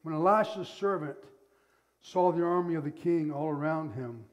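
A male pastor preaching a sermon, telling the story in an animated way and acting out the scenes. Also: fairly high pitch, normal speed, dull audio.

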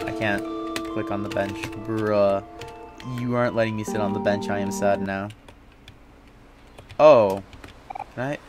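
A man's voice: fairly low pitch, fairly even intonation, measured pace, pauses often. A young man commenting live on a game he is playing, thinking aloud in a casual, rambling way with frequent restarts and self-mocking slang. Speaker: streamer. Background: game music.

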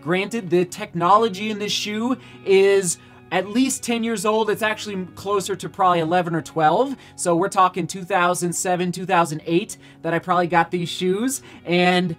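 An energetic man talks straight to his viewers in a casual vlog. He exclaims often and repeats words for emphasis. A faint bed of music plays behind his voice. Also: high voice, normal speed. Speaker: running vlogger.

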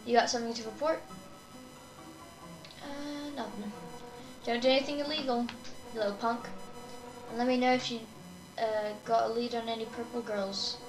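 A woman reading the lines of a bored, brusque small-town police officer from a game, louder than her own talk. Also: a little high, fairly even intonation, moderate pace, pauses often, distant mic, lightly acted. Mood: gruff. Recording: echoey room with game music.

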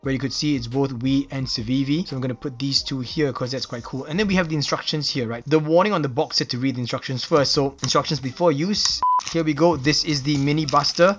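A man's voice: mid-range voice, a bit bright. A man from Singapore with a Singaporean English accent, casually narrating an unboxing and reviewing details with enthusiastic, admiring exclamations. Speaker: knife reviewer.

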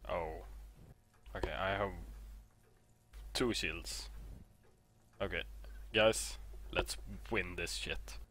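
A man's voice: deep voice, very slow, pauses often, a bit bright. A man streaming a horror game, panicking, swearing and repeating himself as he calls out moves to his team. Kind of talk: live gameplay commentary.

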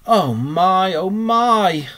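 A man reading aloud and voicing a timid, fretful male mole in a high, plaintive, husky voice. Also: measured pace, darkish tone. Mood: pained, miserable.

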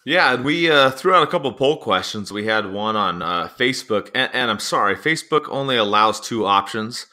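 A man hosts a casual sports podcast, his lowish voice bright and forceful. He talks in a chatty, animated way, spinning his news into stories. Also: moderate pace, hardly any pauses. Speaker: podcast host.

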